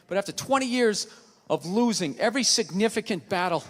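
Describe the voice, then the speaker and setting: A man's voice: high-pitched, animated, fairly quick, slight background noise. Male Boston comic, ranting profane stand-up, live stage mic, reverberant theater. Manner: ranting, profane, bursts into shouts. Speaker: stand-up comedian. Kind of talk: stand-up routine. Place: large theater stage with audience. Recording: live hall with crowd laughter.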